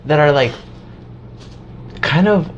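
A man in casual podcast chat, talking in an animated way, swearing and laughing as he tells a story. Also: fairly high pitch, takes it slowly, muffled recording, slight background noise.

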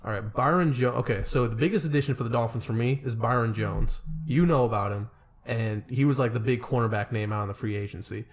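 A man's voice: mid-range voice, fast. A young man co-hosting a casual sports podcast, rambling loosely and joking with friends. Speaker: podcast co-host.

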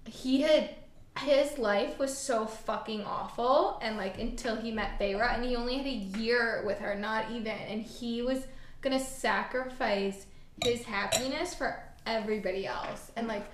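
A woman co-hosting a casual book podcast, effusive and quick to exclaim, swearing now and then. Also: fairly high pitch, slight background noise. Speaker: podcast co-host. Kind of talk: casual chat. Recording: echoey room.

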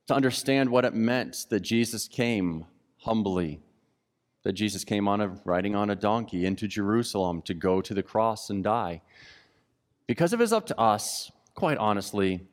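A man preaching a sermon who acts out the indignant voices of the crowds with lively emphasis. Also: medium pitch, long reverb tail. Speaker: pastor.

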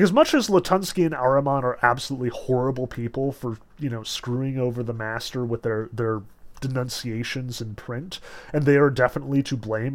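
A man reading aloud from a novel and explaining it, blunt and casual in his asides, raising his voice when he quotes the characters. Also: mid-range voice. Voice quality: animated, swings into raised voices when quoting characters. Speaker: literature lecturer.

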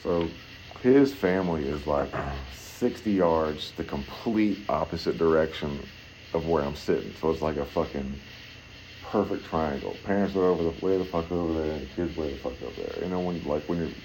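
A man's voice: normal speed, a little mellow, slight background noise, low-quality recording. A man telling a long, rambling story in casual, profane chat. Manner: rambling, heavy swearing, acts out voices in high pitch.

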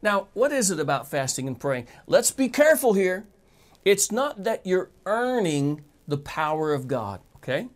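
A man's voice: high voice, sing-song, normal speed. Guy preaching a sermon, emphatic, keeps asking the crowd questions. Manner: emphatic, addresses listeners directly with rhetorical questions.

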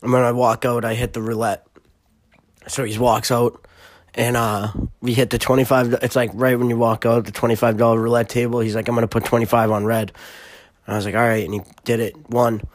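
A man's voice: medium pitch, flat delivery, a little fast, dry recording. A young man with a Boston accent, hosting a solo podcast in a rambling, profane, filler-heavy way. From Massachusetts. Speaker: podcast host. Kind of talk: casual solo podcast chat.

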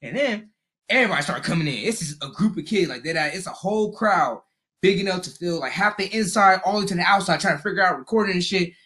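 A young adult co-host telling a long high school story in casual slang, acting out what people said. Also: quick pace. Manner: animated storyteller, heavy slang, acts out quotes.

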